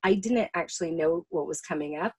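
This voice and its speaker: A woman co-hosting a casual film chat, animated and profane, often acting out lines. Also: on the low side, brisk, slightly rough. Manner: animated and profane, acts out quotes. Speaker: podcast co-host.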